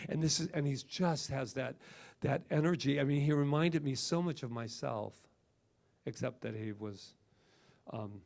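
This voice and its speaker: Middle-aged male minister, gravelly, animated emphatic preacher. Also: mid-range voice, moderate pace. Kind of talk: sermon.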